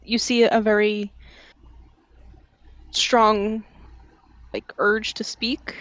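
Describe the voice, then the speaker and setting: A woman playing in a tabletop role-playing game, describing her character's actions in a careful, deliberate way. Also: medium pitch, level tone, a bit bright, no echo, dull audio. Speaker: player.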